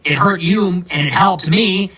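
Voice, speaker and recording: A man's voice: high-pitched, measured pace, sharp tone, recorded from a distance, poor audio. A man, a political commentator, delivering a combative, sarcastic ranting monologue.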